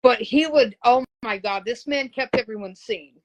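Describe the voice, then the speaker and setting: A woman's voice: fairly high pitch, moderate pace. A woman hosting a casual interview, talking like an eager fan who often exclaims. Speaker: interviewer, host.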